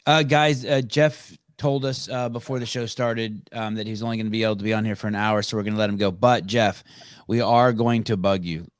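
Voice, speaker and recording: Male podcast host, rambling and jokey, low-ish voice, dry close sound. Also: steady tone, brisk, clean tone, no echo. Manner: rambling, joking, easily sidetracked. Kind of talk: casual podcast chat.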